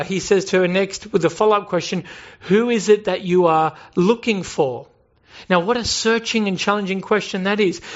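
A man's voice: high voice, lo-fi sound. A man preaching a sermon in an earnest way, asking rhetorical questions and building emphasis. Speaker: pastor.

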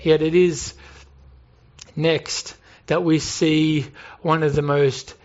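High-voiced earnest male preacher. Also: little pitch movement, slow pace, a little mellow, muffled recording. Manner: earnest, rhetorical questions, rising emphasis. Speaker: pastor. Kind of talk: sermon.

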